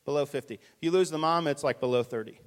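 A man's voice: on the high side, quick pace. A man preaching a conversational, urgent sermon, directing volunteers on stage. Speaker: pastor. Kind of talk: live sermon with stage illustration. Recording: reverberant church hall.

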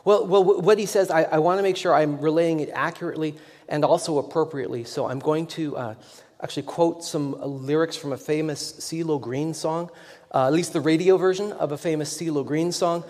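A man's voice: fairly high pitch, steady tone, fairly quick, darkish tone. A man preaching a sermon as a pastor, telling a story in a rambling, self-deprecating way with many restarts. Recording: long echoing hall reverb.

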